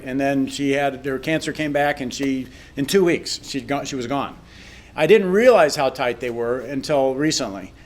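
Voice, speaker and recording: A man giving a candid, reflective critique of a speech in a casual panel talk, often restarting his sentences. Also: fairly high pitch. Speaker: public speaking critic on a panel.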